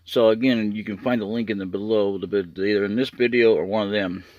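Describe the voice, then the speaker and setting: A man's voice: on the low side, fairly even intonation, brisk, a little mellow, no echo, highs cut off. A man giving a casual, rambling update to his channel's viewers, restarting sentences often. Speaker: YouTuber.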